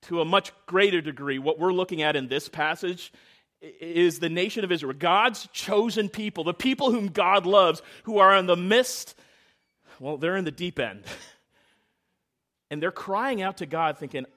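A man preaching a sermon, telling a childhood story, swinging from hushed to loud and often stumbling and repeating words. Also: sits high, moderate pace. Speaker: pastor.

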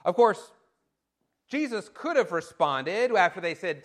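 Animated male preacher with lively pitch. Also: a little slow. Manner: animated and emphatic, with fillers. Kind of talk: sermon.

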